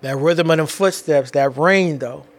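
A man with children telling a personal story in casual, animated, slang-heavy talk, often restarting his sentences. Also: on the high side, unhurried. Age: adult with children.

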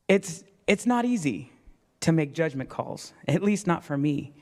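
A male pastor preaches in a church, his slightly high voice ringing with a long hall reverb. He tells a story about himself with self-deprecating humor and acts out the people in it. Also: animated, measured pace, a little mellow. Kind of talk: sermon.

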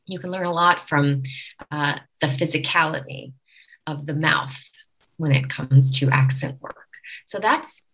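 A woman from Long Island speaks as a dialect coach in a podcast interview. Her voice sits a little low yet rings bright and forceful. She explains things in an animated, teacherly way. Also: unhurried, low-quality recording. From Long Island, New York.

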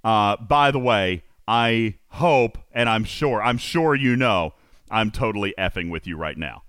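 A man's voice: fairly low pitch, lively intonation, measured pace, a bit bright, clean tone, no echo, clean studio sound. A man hosting a casual stream, telling a story with lots of laughter and animation. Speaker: host.

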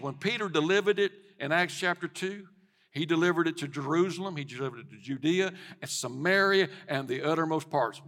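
Middle-aged male pastor, fervent sermon delivery, high voice, echoing sanctuary. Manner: passionate preaching, swells to shouting. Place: church sanctuary. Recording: long church hall reverb.

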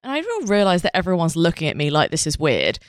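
A woman's voice: on the low side, wildly swooping pitch, fast, no echo, clean studio sound. A woman hosting a podcast, telling a rambling, self-mocking story full of filler words. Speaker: podcast host.

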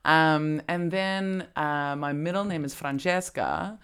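A woman's voice: sits low, slow pace, fairly bright tone, smooth. A young woman chatting casually, laughing often and using "like" a lot. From Australia. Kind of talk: casual chat. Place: Berlin.

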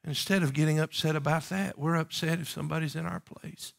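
A man, a pastor preaching a passionate sermon, swinging from loud emphatic calls to hushed pleading and asking the congregation rhetorical questions. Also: a little high, steady tone, fairly quick, vocal fry.

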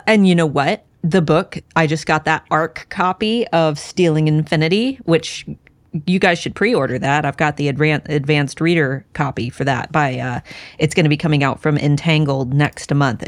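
A woman's voice: sits low, dry recording. A woman co-hosting a casual podcast about a book series, chatting in a rambling way with many restarts. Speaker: podcast co-host. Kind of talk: casual chat.

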